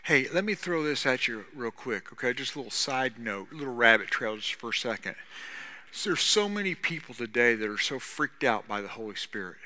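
A man preaching a sermon as pastor, talking conversationally and swinging between loud stretches and hushed ones. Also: medium pitch, expressive, brisk. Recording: long reverb of a large hall.

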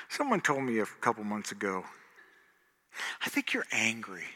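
A man preaching a sermon as pastor, swinging between hushed passages and loud, emphatic outbursts. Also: on the low side, huge pitch swings, normal speed, long pauses. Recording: long hall reverb.

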